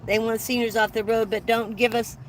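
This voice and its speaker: An older woman chatting casually on a live stream, with a slightly high voice. She rambles from topic to topic and greets viewers by name, with a faint hum of noise behind her. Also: flat delivery, a little fast. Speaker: van-life vlogger hosting a live stream. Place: inside her van.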